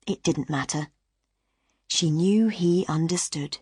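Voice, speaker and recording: A woman reading a story aloud for English learners, slowly and carefully, with soft, hushed passages. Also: on the low side, expressive, husky, no room sound, studio quality.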